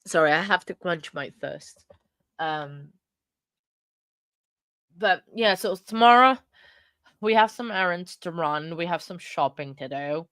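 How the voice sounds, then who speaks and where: A woman's voice: fairly low pitch, lively intonation, takes it slowly, long pauses, a bit bright, smooth, no echo. A woman hosting a livestream, chatting casually and reading viewer comments aloud in a rambling, self-deprecating way. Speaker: livestream host.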